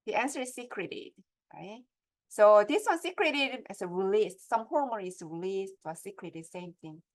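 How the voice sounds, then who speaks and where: A woman's voice: mid-range voice, lively intonation, normal speed. A middle-aged woman gives a step-by-step lecture on academic writing and keeps checking in with her audience through questions.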